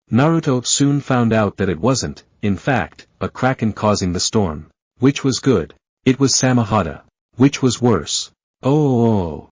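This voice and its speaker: A man narrating a fan fiction story in a steady storytelling manner. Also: on the low side, husky, no echo. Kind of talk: reading fan fiction aloud. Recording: dull lo-fi, dry close sound.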